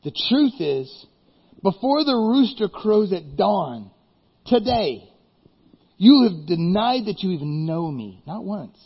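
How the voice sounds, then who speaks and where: A man preaching a sermon as pastor, telling Bible stories in a lively way and acting out the characters. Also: sits high, takes it slowly, husky, highs cut off.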